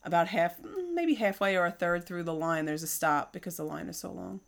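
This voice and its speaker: A woman's voice: fairly low pitch, fairly quick, gravelly. A woman co-hosting a casual chat, adding details in an easygoing way with some "um"s. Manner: easygoing, adds details, hesitant fillers. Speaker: co-host.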